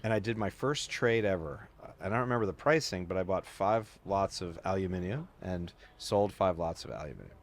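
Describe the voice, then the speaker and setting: A low-pitched man's voice, a little fast, with a little hiss or hum. He's a podcast guest telling long stories in casual chat, animated and packed with "like" fillers and voices he quotes.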